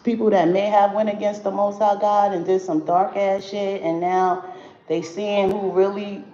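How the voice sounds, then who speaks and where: She speaks in a warm, mid-range voice at a normal speed and a steady tone. As a spiritual reader livestreaming to viewers, she stays blunt and profane and addresses chat directly, and the audio is dull and roomy with faint noise.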